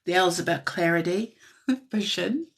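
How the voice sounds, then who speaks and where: A woman doing a live-stream tarot reading, taking her time over each card. Her voice sits a little low and has a breathy, husky grain. She muses softly, often slipping into whispers. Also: a little slow. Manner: soft-spoken, musing, drifting into whispers; frequent light laughs. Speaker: tarot reader.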